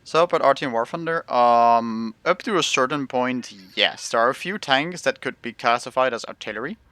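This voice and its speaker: A man's voice: mid-range voice, normal speed, bright, forceful tone, no room sound. A man streaming a tank game live, rambling through casual commentary and often breaking off mid-sentence. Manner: rambling, self-interrupting casual talk.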